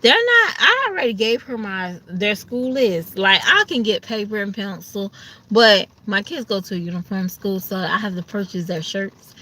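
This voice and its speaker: A woman's voice: mid-range voice, pushed and bright. A woman chatting casually to her viewers, sleepy and ready for bed, acting out her family's voices now and then. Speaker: vlogger. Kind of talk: casual chat to camera.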